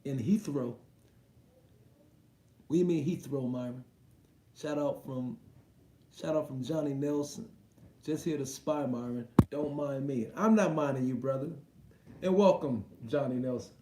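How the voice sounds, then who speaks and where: Slangy boxing streamer, echoey room. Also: male voice, medium pitch, mellow. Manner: loose, slangy and profane, quick reactions. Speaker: boxing livestream host. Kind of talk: casual livestream chat, reading viewer comments aloud.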